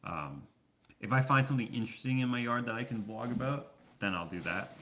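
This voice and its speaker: A man's voice: medium pitch, expressive, brisk, pushed and bright, slight background noise. A man from Canada chatting casually in a question-and-answer vlog, telling rambling stories full of fillers. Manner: rambling storyteller, many fillers. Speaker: vlogger.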